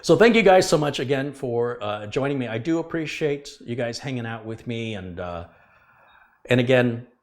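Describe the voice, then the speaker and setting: A man's voice: mid-range voice, lively intonation, normal speed. A middle-aged man hosting a casual live stream, talking earnestly and emphatically and repeating his points to drive them home. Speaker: livestream host, computer repair technician.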